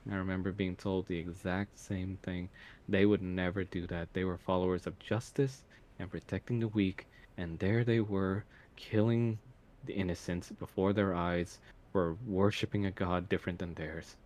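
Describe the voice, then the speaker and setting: A man playing a calm, sorrowful woman sorcerer in a tabletop game, speaking quietly. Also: low voice, normal speed, lightly acted. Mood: regretful.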